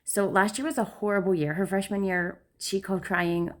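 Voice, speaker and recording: A middle-aged woman, a mother, telling a casual family story in a chatty, animated way, acting out her daughter's lines in a high voice. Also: normal speed.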